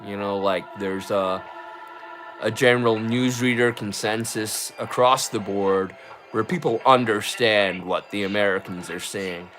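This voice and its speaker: A man's voice: on the low side, fairly even intonation, unhurried, music in the background. A man from Scotland hosting a livestream, drunk and rambling, swearing casually and putting himself down. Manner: rambling, swearing, self-deprecating. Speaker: livestream host.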